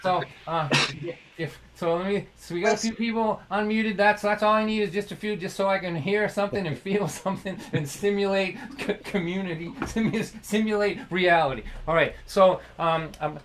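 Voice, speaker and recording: A middle-aged man, telling a comic story on a livestream. His voice sits fairly high for a man. He talks in a chatty, self-deprecating way. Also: normal speed, slight background noise. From Lynn, Massachusetts. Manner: conversational, self-deprecating, ribbing. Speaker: storyteller performer.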